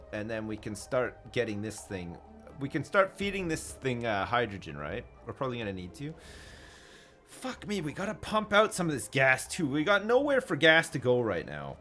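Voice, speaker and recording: A man's voice: medium pitch, big pitch swings, normal speed, a bit bright, faint music behind. A man streaming a video game live, chatting casually with his viewers and swearing freely. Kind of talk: live commentary over gameplay.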